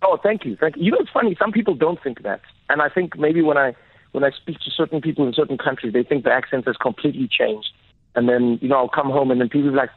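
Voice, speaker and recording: A South African man, a comedian guest, telling stories in an animated way on a casual radio interview. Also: a little high, fast talker, dry recording. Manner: animated, storytelling, laughing easily. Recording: tinny, phone-like, dry radio sound.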